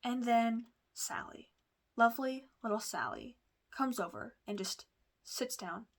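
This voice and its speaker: A woman's voice: a little high, unhurried. A woman vlogger telling a personal story in a casual, rambling way, full of fillers, restarts and asides. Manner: chatty, confiding.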